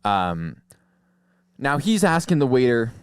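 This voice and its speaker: A man's voice: medium pitch, sing-song, slow pace, clear, resonant tone, no room sound, clean studio sound. A male podcast host telling a rambling, profane comic story and laughing at his own jokes. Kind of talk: casual comedic storytelling. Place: podcast studio.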